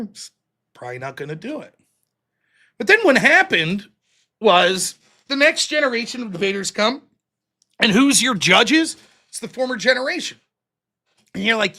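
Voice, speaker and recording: A man hosting a livestream, telling stories in an animated, profane way. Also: sits high. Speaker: livestream host. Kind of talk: casual livestream commentary.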